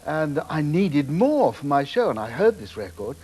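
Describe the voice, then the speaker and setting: An older man, a TV producer, telling lively anecdotes on a talk show, acting out voices and laughing often. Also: a little high, moderate pace, husky. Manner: animated storyteller, acts out voices, laughs often. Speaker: TV producer, guest. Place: TV studio.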